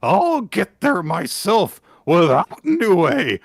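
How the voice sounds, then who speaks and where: A man's voice: high-pitched, wildly swooping pitch, very slow, no echo, studio quality, voice pushed up, exaggerated voice. A man voicing an anguished, determined young male exorcist in a casual recap. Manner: strained, shouting from afar.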